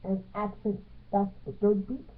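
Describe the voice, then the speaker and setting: A woman teaching a music theory lesson, speaking in halting phrases and counting beats aloud with stress on the accented ones. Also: mid-range voice, steady tone. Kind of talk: piano music theory tutorial. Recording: tinny phone-like sound.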